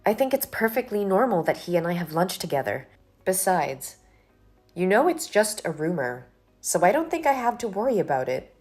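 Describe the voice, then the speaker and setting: A young office worker, firm and exasperated, voiced by a woman. Her voice sits on the low side for a woman, and faint music plays behind her. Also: a little mellow. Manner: firm, exasperated, polite refusals. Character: young female office worker fending off a colleague. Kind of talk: scripted dialogue drama.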